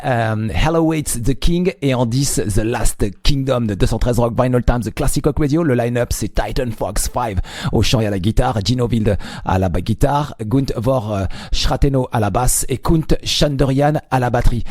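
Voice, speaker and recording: A male radio host with a French accent who hesitates and fills pauses, translating a live interview into French. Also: medium pitch, a little mellow, dry recording, studio quality. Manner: hesitant, many fillers, switches between French and English.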